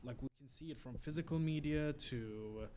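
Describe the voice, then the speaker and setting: A man's voice: a little high, warm tone, slight background noise. A man from Qatar hosting a casual podcast chat, who eagerly jumps in with questions. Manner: eager, quick to jump in with questions.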